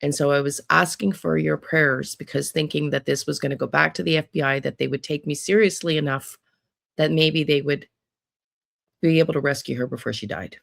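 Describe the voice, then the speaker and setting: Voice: mid-range voice, fairly even intonation, brisk, gravelly, fairly bright tone, no room sound, clean studio sound. An American true crime psychic host talking casually to viewers in a rambling monologue full of restarts and trailing asides.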